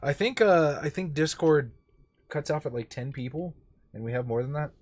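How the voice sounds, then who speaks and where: Young dude chatting on a game stream, kinda high voice, rambly and swears a lot. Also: male voice, lively intonation, normal speed. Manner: rambling, self-deprecating, swears casually. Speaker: streamer and co-host. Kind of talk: casual gaming stream chat.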